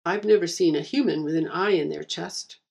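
Woman reading huge male oni demon, gruff, mocking, low, gravelly. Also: brisk, darkish tone. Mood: curious.

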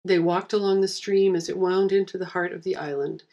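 A woman reading a fantasy story aloud with steady, wry narration. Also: fairly low pitch, fairly quick, muffled recording.

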